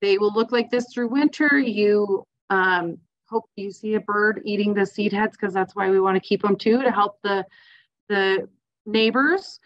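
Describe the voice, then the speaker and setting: A woman presents landscape design ideas in a casual, enthusiastic way, chatting through her slides with frequent fillers. Her voice sits at an ordinary middle pitch. The recording sounds dull and lo-fi. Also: a little slow.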